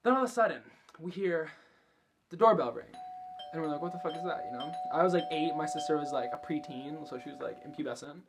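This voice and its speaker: A man's voice: a little high, fast talker, music in the background. A young man vlogging, telling a story casually and chattily, swearing a lot and filling every sentence with fillers. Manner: chatty, profane, filler-heavy.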